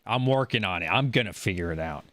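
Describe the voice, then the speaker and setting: A man hosting a casual call-in show, enthusiastic, with quick upbeat reactions. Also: on the low side, animated, a bit bright, dry recording, clean studio sound. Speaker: show host.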